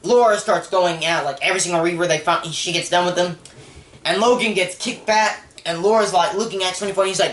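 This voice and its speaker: A young man recapping a movie in a casual review, excitable and animated, with sudden jumps in pitch and volume. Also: fairly quick. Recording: echoey room.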